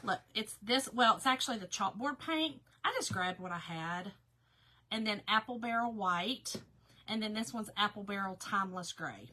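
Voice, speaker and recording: A woman's voice: medium pitch, lively intonation, normal speed, pushed and bright, slight background noise. A woman hosting a casual craft livestream, chatting to viewers and reading their comments aloud, stumbling over words because her mouth is sore.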